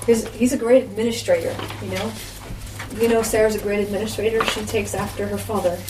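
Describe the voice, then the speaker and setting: A woman's voice: medium pitch, steady tone, fairly quick. A woman giving an informal sermon as a Bible teacher, with a conversational manner and frequent asides to her listeners. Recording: roomy echo, distant mic, faint background noise.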